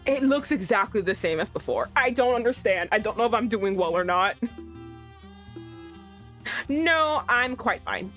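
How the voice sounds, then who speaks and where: A young woman streamer reacting loudly and profanely while playing a romance visual novel. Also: mid-range voice, brisk, few pauses. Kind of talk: live-streamed gameplay reaction. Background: faint music.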